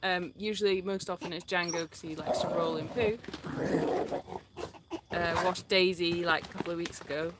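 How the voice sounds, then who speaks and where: A woman's voice: on the low side, fairly even intonation, moderate pace, very noisy. A Scottish woman hosting a casual live stream outdoors at an animal sanctuary, giggling and reading viewer comments aloud. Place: outdoors in a dusty animal yard.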